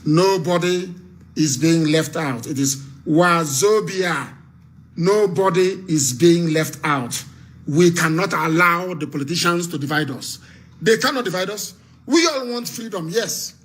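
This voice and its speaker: A man's voice: fairly high pitch, animated, unhurried, fairly bright tone. A man from Nigeria with a Nigerian accent, giving a fiery, repetitive live radio address as an activist broadcaster.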